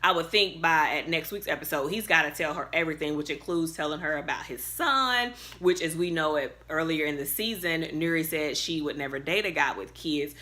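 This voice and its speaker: Woman vlogger, bright lower voice, chatty recap, easily fired up. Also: fairly quick, few pauses. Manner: chatty, many fillers, gets worked up. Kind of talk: casual recap talk to camera. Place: her bedroom.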